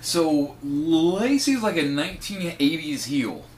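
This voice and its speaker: A man's voice: a little high, very animated, slow, a little hiss or hum. A man co-hosting a wrestling podcast, recapping matches in casual, profane chat and laughing often. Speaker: podcast co-host.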